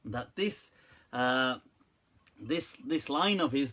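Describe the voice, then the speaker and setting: A man at a medium pitch talks through an informal question-and-answer session as a religious teacher. He tells his stories loosely and often breaks into laughter, quoting lines of poetry as he goes. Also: a little slow, a bit bright, husky. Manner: anecdotal, laughs often, quotes Urdu poetry. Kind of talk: informal Q&A talk.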